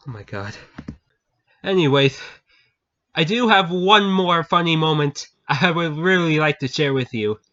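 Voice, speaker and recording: A man's voice: fairly high pitch, expressive, measured pace, pauses often, fairly bright tone. A man telling viewers a funny story in a casual chat, often breaking into laughter and repeating himself. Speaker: channel host. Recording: dull lo-fi recording.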